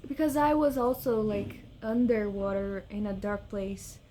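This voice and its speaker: Excitable young woman gamer, slow-talking. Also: medium pitch. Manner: excitable, swings between scared and cooing over cute creatures. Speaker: gaming vlogger. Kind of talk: casual gameplay chat.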